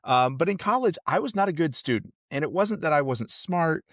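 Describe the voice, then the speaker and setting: A man guesting on a podcast, telling his story in a relaxed, self-deprecating, joking way. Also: fairly high pitch, a little fast, no echo, studio quality. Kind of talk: casual storytelling interview.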